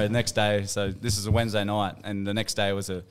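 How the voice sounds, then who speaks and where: A man's voice: lowish voice, flat delivery, smooth. A man with an Australian accent, spinning a yarn as a podcast co-host. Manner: quick, chatty yarn-spinner. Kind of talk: casual storytelling among mates.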